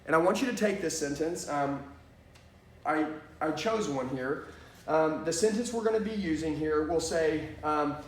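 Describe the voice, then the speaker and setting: A man's voice: a little high, moderate pace, recorded from a distance. Emphatic male sales trainer in an echoey room. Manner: emphatic, repeats "okay?" and "watch this". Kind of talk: energetic sales training lesson.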